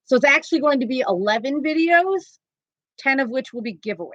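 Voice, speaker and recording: A woman's voice: high-pitched, expressive, brisk, fairly bright tone, no room sound. A woman hosting a casual crochet live stream from home, chatty and laughing often. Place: home, indoors. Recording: slightly dull lo-fi sound.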